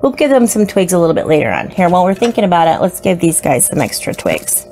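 A woman's voice: lowish voice, very animated, fast talker, mellow, slight background noise. A woman narrating a casual unboxing of her new pets, gushing and slipping into baby talk. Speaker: isopod hobbyist vlogger.

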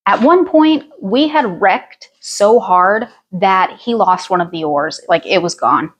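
A woman's voice: medium pitch, slow pace, slightly rough. Wry woman telling a story. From Ozarks, United States. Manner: animated, wry storytelling with asides. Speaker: vlogger. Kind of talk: storytime vlog.

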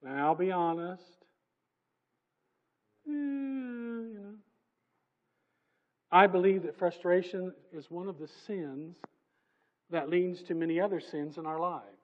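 A man with a high voice preaches in a church, swinging between raised, emphatic lines and quiet, chatty asides to the congregation. The recording is dull and lo-fi, like an old church tape. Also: fairly even intonation, normal speed. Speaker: pastor. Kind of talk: sermon. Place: church sanctuary.

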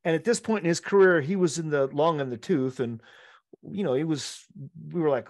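A middle-aged man, a podcast co-host, telling an animated story among friends, laughing often and acting out the quotes. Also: a little high, brisk, no room sound, studio quality.

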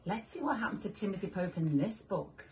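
A woman reading picture books aloud to young children, animated, making animal sounds and asking the listener questions. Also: medium pitch, fairly quick, a little hiss or hum. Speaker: children's story reader.

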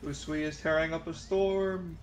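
A man's voice: on the high side, fairly even intonation, moderate pace, soft background music. Rambling man in a gaming voice chat. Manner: rambling, restarts with fillers. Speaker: gamer in voice chat. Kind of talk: casual chat while gaming.

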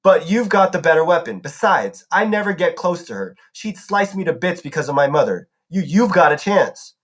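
A man's voice: fairly high pitch, sing-song, normal speed, a bit bright. A man voicing a clever teenage girl who talks in an urgent, brainy way.

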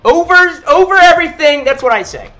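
A young man streaming a football video game, teasing his opponent with playful trash talk between quick play calls. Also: very high voice, lively intonation, background noise. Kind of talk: casual gaming stream chat.

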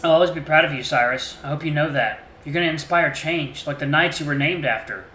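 A man voicing a loving mother reading out her farewell letter to her grown son, gentle and heartfelt, in a game. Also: a little high, fairly quick, slight background noise. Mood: tender. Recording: roomy echo.

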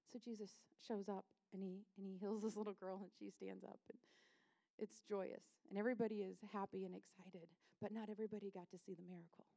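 A woman's voice: mid-range voice, dark tone. Impassioned woman pastor, lilt. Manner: impassioned, dropping to near-whispers for tender moments; conversational, acts out voices of people and Jesus. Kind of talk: sermon. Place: church sanctuary.

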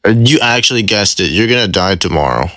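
A man's voice: fairly low pitch, animated, a little fast, bright, forceful tone, no echo. A man playing a smug male serial killer who bluntly taunts his wife in a casual fan roleplay. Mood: taunting.

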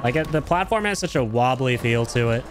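A man streaming a video game, reacting loudly to his chat, swearing, laughing and yelping in surprise. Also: a little fast, over music. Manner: excitable, swears, frequent laughs and sudden high yelps.

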